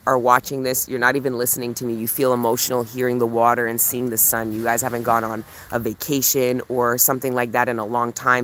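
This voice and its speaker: A woman speaks in a relaxed, affectionate way straight into her phone while walking outdoors. She keeps up a steady stream of casual chat with her viewers and reads their comments out as she goes. A little faint outdoor noise sits behind her voice. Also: a bass voice. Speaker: spiritual coach and retreat host.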